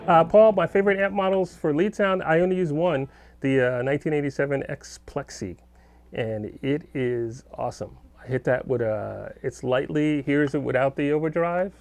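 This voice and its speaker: Middle-aged guitar guy, gravelly voice, rambling through viewer comments on a live stream from his home studio. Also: fairly high pitch, normal speed, darkish tone. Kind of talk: casual live-stream chat.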